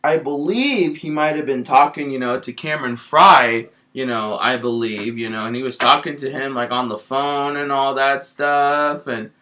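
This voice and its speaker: A man tells an in-character story in a loose, rambling monologue. He fills almost every pause with "you know" and restarts his sentences often. His voice has a bright, somewhat tense edge. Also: mid-range voice. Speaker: vlogger.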